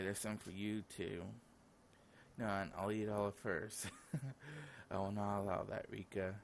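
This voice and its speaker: Yawning and sleepy, this young gaming channel host voices all the lines of a visual novel himself and tosses in casual comments. His voice sits low and gravelly, with a little hiss or hum in the recording.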